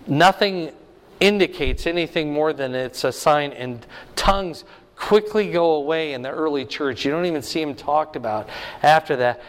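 A man teaching a Bible class in a conversational way, often checking in with his listeners by asking "right?". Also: on the high side. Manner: chatty, keeps checking in with "right?". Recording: long reverb of a large hall.

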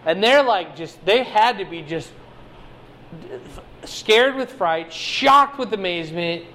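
Animated man preaching a conversational sermon. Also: high-pitched, slow, a little hiss or hum. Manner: animated, swings between loud emphasis and quiet asides. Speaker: pastor teaching a Bible passage.

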